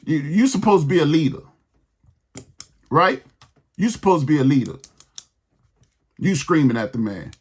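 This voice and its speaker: Heated, husky-voiced ranting man. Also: on the high side, big pitch swings, moderate pace, long pauses. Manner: heated, exasperated ranting with repeated phrases. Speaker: sports podcast host. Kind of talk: ranting sports commentary.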